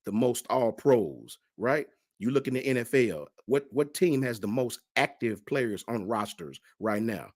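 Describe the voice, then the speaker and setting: A man's voice: medium pitch, no echo, clean studio sound. A middle-aged man hosting a fan channel livestream, ranting with passion in colloquial talk and reading out chat messages. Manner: impassioned, lively, colloquial Southern.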